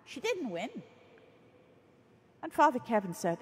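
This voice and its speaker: A woman, a religious sister, preaches in an earnest storytelling way. Her high voice swings widely in pitch and has a husky edge. Long reverb from a large hall surrounds her. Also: big pitch swings, normal speed, pauses often, darkish tone. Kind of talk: storytelling sermon.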